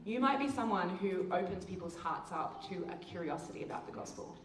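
A woman giving a presentation with slides, telling stories lively and acting out the voices of the people she quotes. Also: on the low side, a little fast. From Australia. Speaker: missions speaker. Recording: echoey room, distant mic, faint ambience.

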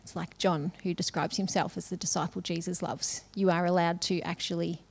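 A woman's voice: on the low side, little pitch movement, fairly quick, creaky, slightly rough. A middle-aged woman giving a sermon in a casual, conversational way, often laughing between phrases. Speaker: conference speaker.

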